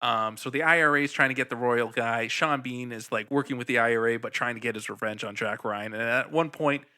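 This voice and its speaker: Bright-voiced man gushing about a film. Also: mid-range voice, fairly quick, smooth. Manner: excited, profane, rambling with restarts. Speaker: podcast co-host. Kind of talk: casual film review chat.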